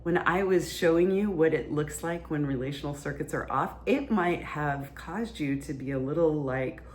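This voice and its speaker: A woman's voice: sits low, normal speed, slight background noise. A woman hosting a podcast, explaining relationship ideas in a casual, conversational teaching style. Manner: conversational, explains plainly with fillers.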